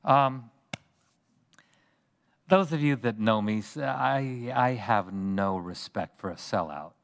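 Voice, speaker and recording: A male pastor preaching an expository sermon in a church, talking in an animated, conversational way and joking with the congregation. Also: lowish voice, slow pace, vocal fry, big-room sound. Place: church sanctuary.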